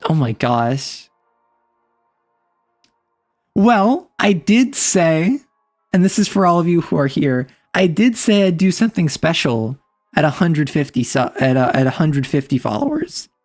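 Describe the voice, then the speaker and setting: A woman's voice: low voice, very animated, a little slow, long pauses, darkish tone, soft background music. A woman streamer chatting casually and playfully with her chat, laughing often. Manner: playful, giggly, teasing.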